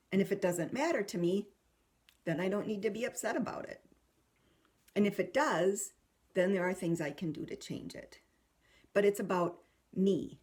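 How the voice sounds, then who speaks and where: A woman hosting a parenting talk, calmly explaining a lesson to parents and acting out a playful example. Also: mid-range voice. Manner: calm, gentle explaining with playful storytelling. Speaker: parenting advice host. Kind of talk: talking to camera about parenting.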